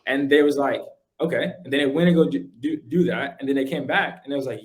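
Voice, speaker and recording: Fast-talking young man telling his story. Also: medium pitch. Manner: animated, slangy, lots of "like" and "yo". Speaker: podcast guest, founder. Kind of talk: casual storytelling chat.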